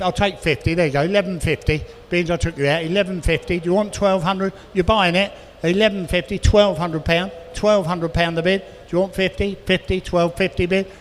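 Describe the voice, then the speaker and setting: Auctioneer calling bids rapidly. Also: male voice, high voice. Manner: rapid bid calling with chatty asides. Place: auction hall, indoors. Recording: reverberant hall with faint noise.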